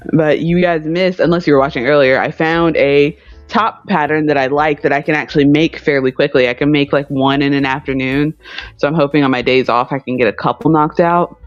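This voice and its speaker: A woman with a very low voice chats wryly and easily as a livestream co-host. The sound is dry, with slightly dull lo-fi stream audio. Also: steady tone, normal speed, no room sound, faint music behind. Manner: chatty and wry, laughs easily. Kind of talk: casual chat. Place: at home.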